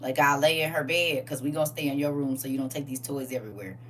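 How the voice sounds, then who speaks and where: An older woman hosting a casual live stream from home. She tells animated stories, laughs often and reads viewer comments aloud. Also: a bass voice, fast talker, far from the mic, slight background noise. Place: at home, indoors.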